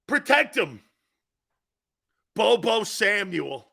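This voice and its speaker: A man hosting a sports talk show, ranting in a loud and mocking way. His voice sits very high and swings widely. It sounds bright and edgy, and he talks at an unhurried pace. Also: very animated, creaky. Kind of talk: sports opinion rant.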